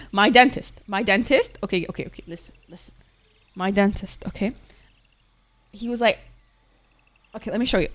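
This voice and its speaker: A young woman streamer telling rambling stories in casual chat while gaming. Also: on the high side. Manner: rambling, animated storytelling.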